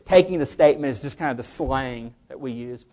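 A man's voice: mid-range voice, brisk. A man teaching a class on legal cases, often putting questions to the room and answering them himself. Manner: animated, asks the class questions. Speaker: legal instructor. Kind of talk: lecture to a class.

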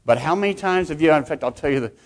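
Middle-aged man, municipal judge, fairly high voice, conversational speech, restarts words. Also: animated, rapid-fire. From Texas. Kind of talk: conference speech with anecdotes.

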